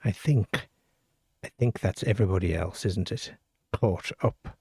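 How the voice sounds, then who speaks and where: A man's voice: deep voice, measured pace, vocal fry, dark tone, breathy edge, no echo, studio quality. A middle-aged or older man hosting a late-night paranormal call-in show, reading out listener stories and chatting wryly with his live audience. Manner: wry, self-deprecating, chatty with the live chat.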